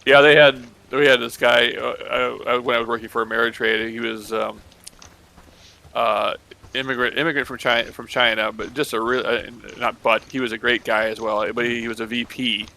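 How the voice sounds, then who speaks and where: A man's voice: mid-range voice, flat delivery, normal speed, creaky, pushed and bright. A man chatting casually on a stream, telling workplace stories and acting out the dialogue. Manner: chatty, acts out quoted dialogue. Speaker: guest on a stream. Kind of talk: casual chat.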